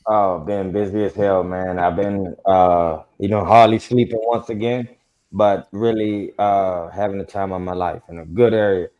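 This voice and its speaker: A man co-hosting a casual fan podcast, relaxed and easygoing. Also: sits low, normal speed, highs cut off. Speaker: podcast co-host.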